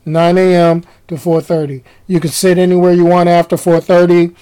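A man putting on a worn-out beach chair attendant who speaks in a low, flat monotone and sounds tired of every sentence. The voice stays dull and deadpan, with no energy or lift. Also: moderate pace, clear, resonant tone, lightly acted. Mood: weary pleading. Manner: flat, droning, weary.

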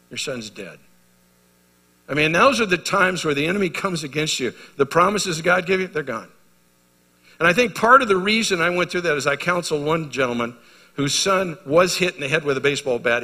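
A middle-aged male pastor preaching a sermon, telling a story and moving from hushed to loud and emphatic. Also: on the high side. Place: church hall. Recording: reverberant church hall.

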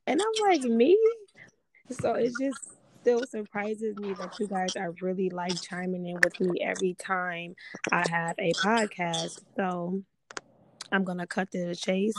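A woman's voice: fairly low pitch, slight background noise. A woman hosting a casual podcast, chatty and repeating herself for emphasis as she talks straight to her listeners. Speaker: podcast host.

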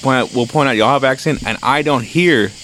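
A man with a Central Louisiana accent, chatting in a relaxed, plain-spoken way and asking questions. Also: medium pitch, fairly quick, a little hiss or hum, rough recording. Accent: Central Louisiana Southern. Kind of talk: casual chat.

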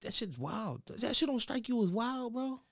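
A young man with a high, lively voice, co-hosting a podcast in loose, slangy conversation. He jumps around in pitch and tells stories with excitable energy. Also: moderate pace, vocal fry. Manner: animated, excitable storyteller, slangy. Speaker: podcast co-host. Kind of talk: casual chat.

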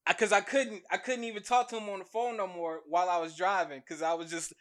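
A man with a high, bright voice co-hosting a podcast. His talk is loose and casual, full of easy laughter and free swearing. The sound is crisp and forward. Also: fairly even intonation, fast talker. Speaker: podcast co-host. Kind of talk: casual chat.

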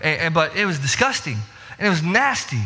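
A man's voice: a little high, very animated, brisk, bright, forceful tone, in a large hall. A young man preaching a sermon, telling a story against himself and building to emphatic rhetorical questions. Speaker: pastor.

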